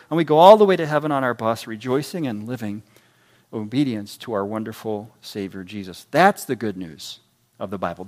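Man preaching, slightly high voice, animated, acts out little voices. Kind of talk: sermon.

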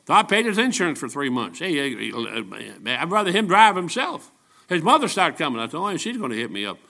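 A man's voice: fairly high pitch, sing-song, fairly quick, creaky, bright, forceful tone. A man of seventy preaching a folksy, joking sermon full of personal stories. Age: 70s. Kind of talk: storytelling sermon.

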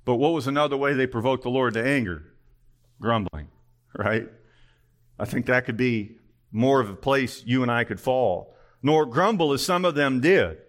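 A man's voice: mid-range voice, fairly bright tone. A male pastor preaching an earnest sermon, full of pointed rhetorical questions.

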